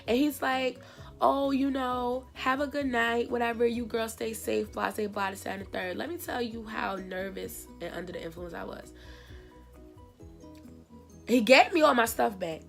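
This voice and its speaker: A woman's voice: a little high, vocal fry. A young woman from New Jersey telling a casual storytime to her viewers, acting out the other people in her own voice. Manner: animated, acts out dialogue in voices. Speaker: vlogger.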